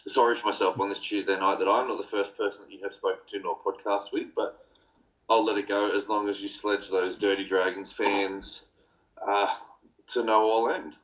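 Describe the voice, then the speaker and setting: Man, podcast host, very deep voice, casual blunt banter. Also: little pitch movement, normal speed, rough recording. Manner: blunt, laid-back banter with profanity.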